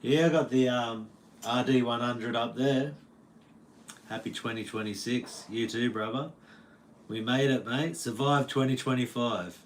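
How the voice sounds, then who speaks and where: An Australian man hosts a relaxed livestream from home, answering viewers in an easygoing, joking way. His voice sits at an ordinary middle pitch. A faint hiss runs under the recording. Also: unhurried. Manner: laid-back, jokey, laughs often, Aussie slang. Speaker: livestream host. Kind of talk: casual livestream chat reading comments.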